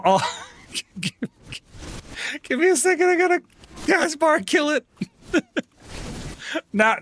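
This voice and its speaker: A man streaming a game live, chatting to viewers, quickly swinging between laughter and angry outbursts. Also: high voice, a bit bright, a little hiss or hum.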